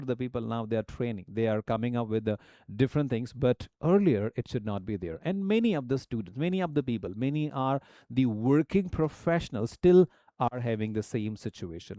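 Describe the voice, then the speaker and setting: A man with an Indian English accent teaching a lesson about how Indians speak English, with sudden high, stressed phrases. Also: dark tone, no room sound, clean studio sound.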